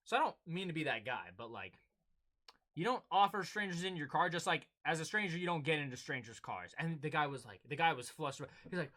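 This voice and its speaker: Young male co-host, casual chat, animated storyteller, high and bright. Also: quick pace. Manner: animated storytelling, acting out exchanges. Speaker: podcast co-host.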